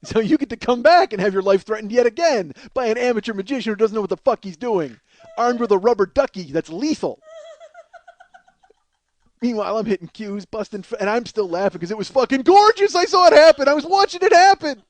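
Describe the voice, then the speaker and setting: A comedian and podcast host in his forties tells a profane comic story with lots of animation, swearing often and laughing as he goes, in a high voice at a brisk pace.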